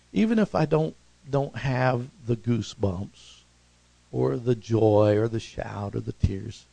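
A man preaching a sermon as pastor, swinging from emphatic, raised lines to soft, low asides, with calls to the congregation. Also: gravelly, breathy edge, no room sound, rough recording. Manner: rises to emphatic peaks, then drops soft and low; preaching with congregational call-outs.

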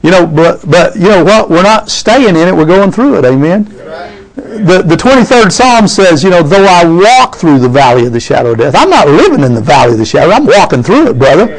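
A man's voice: high-pitched, sing-song, fairly quick, poor audio. A man preaching a sermon, reading scripture aloud and calling out "amen?" to his congregation.

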